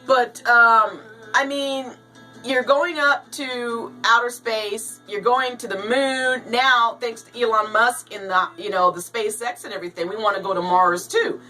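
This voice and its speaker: Chatty woman with a bright, off-mic voice. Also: a little high, measured pace, distant mic, low-quality recording. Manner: chatty, animated, jokey asides. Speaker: news commentary vlogger. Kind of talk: casual news commentary. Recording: voice a bit off-mic, with light music behind.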